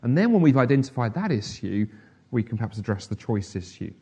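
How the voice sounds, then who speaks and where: A man's voice: medium pitch, big pitch swings, fairly quick, warm tone, breathy edge. Middle-aged male preacher giving a chatty sermon in a mid-range voice. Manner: conversational, humorous, with asides.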